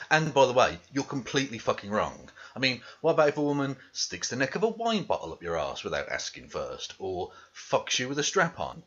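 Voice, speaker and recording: Profane man ranting, forceful tone. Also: medium pitch, lo-fi sound. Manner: profane, scornful. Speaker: commentary video host. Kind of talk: ranting commentary monologue.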